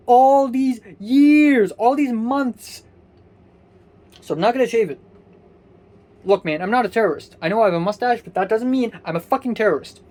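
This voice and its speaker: A young man from Hong Kong ranting angrily and sleepily, swearing constantly and restarting his sentences. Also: high-pitched. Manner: swears constantly, angry and exasperated, rambling with restarts. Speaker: vlogger. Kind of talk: profane personal rant.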